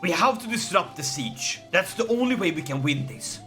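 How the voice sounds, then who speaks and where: A man giving excitable, theatrical let's-play commentary over a strategy game, mock-heroic and quick to yell at his foes. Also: high-pitched, soft background music. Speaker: gaming commentator.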